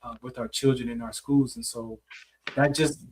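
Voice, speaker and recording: A man's voice: mid-range voice, fairly even intonation, normal speed, recorded from a distance. A man hosting an interview, telling a story in a reflective, casual way with lots of "like" and "man". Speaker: host.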